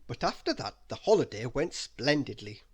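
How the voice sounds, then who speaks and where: A man reading a bedtime story aloud in an expressive, lively way. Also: medium pitch, normal speed, slightly rough.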